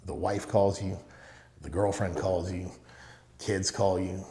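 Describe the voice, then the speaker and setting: A middle-aged Middle Eastern real estate owner, appearing as a podcast guest, tells stories slowly in a low, warm, steady voice. He speaks emphatically and repeats short phrases, with a little hiss or hum and roomy studio echo in the casual interview.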